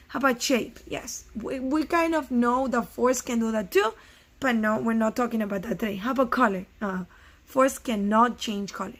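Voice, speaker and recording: In a recorded first-grade science lesson, a middle-aged woman teacher speaks with a higher-pitched voice. She takes her explanations slowly and puts questions to the kids.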